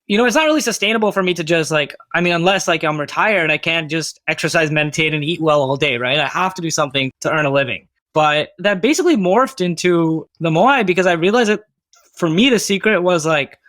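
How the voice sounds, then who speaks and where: Podcast guest, male; slightly high pitch, dry close mic, relaxed reflective chat. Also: a little fast, no room sound. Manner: reflective, many fillers like "like" and "you know". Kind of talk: casual conversational interview.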